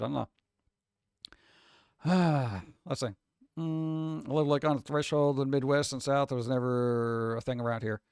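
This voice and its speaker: A man's voice: medium pitch, darkish tone, no room sound, studio quality. A man who grew up on the East Coast, ranting casually on a livestream, reading posts aloud and cutting in with blunt, profane, sarcastic asides. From East Coast of the United States. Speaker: streamer reading chat and posts.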